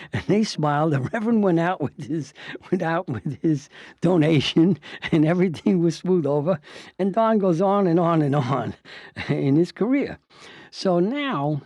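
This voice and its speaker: An older man recounts old cases with a wry, lively storyteller's touch, slipping into the voices of the people he describes. His voice sits a little high but has a mellow warmth. The recording is dry and close. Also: unhurried, dry recording. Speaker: retired judge and lawyer telling stories. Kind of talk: anecdotal storytelling.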